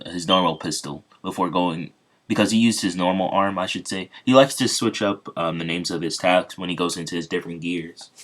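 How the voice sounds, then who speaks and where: Deep-voiced man, casual story retelling, rambling, lots of ums. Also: fairly bright tone. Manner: rambling, many fillers.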